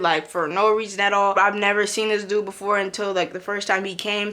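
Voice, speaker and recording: Young woman, casual storytelling vlog, lively, bright voice. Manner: animated, acts out quotes with big pitch jumps. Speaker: vlogger.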